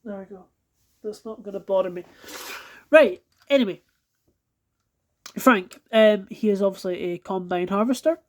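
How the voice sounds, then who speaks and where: A woman's voice: medium pitch, normal speed, long pauses, a little mellow. A Scottish woman filming a casual unboxing vlog at home, swearing a lot in exasperation and apologizing for it as she goes. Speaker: toy collector reviewing die-cast cars. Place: at home, indoors on a carpeted floor.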